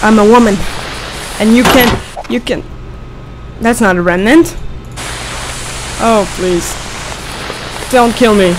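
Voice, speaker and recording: A woman's voice: a little high, lively intonation, slow, pauses often, background noise. A young woman playing a horror game, panicking, screaming and giggling nervously as she talks. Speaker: gamer. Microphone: desk microphone.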